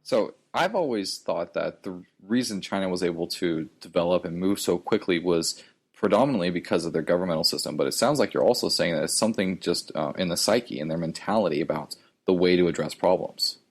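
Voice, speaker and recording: Podcast host: man with a very deep, slightly husky voice, calm and thoughtful. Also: a little fast. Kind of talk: interview questions.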